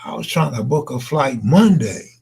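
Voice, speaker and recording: A man's voice: medium pitch, expressive, normal speed, vocal fry, dark tone, slightly rough. A man chatting loosely on a late-night live stream, answering viewers in slangy, laid-back talk that trails into mumbles.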